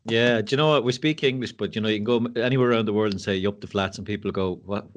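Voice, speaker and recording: An Irish man in his fifties, a guest on a podcast, telling stories in candid, casual chat with a quick laugh. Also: lowish voice. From Ireland. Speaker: guest, mental health speaker.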